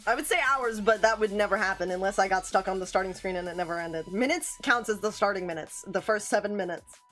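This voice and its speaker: Talking fast in a mid-range, slightly bright voice, a woman livestreamer chats away casually and giggles often, even calling herself a yapper. There's faint music in the background.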